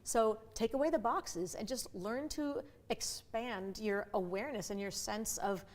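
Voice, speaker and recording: A middle-aged woman who coaches speakers, explaining her ideas in an animated, conversational interview with playful asides. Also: a little high. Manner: animated, with quick vivid asides and playful voices. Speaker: voice and communication coach.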